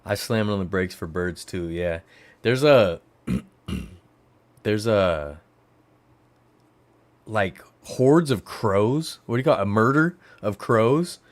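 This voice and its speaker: A man from the Bay Area of California hosting a livestream, chatting casually and rambling, his voice jumping up high when he gets excited. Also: takes it slowly, pauses often, dry recording. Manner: rambling storyteller who jumps to high excited exclamations. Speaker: livestream host.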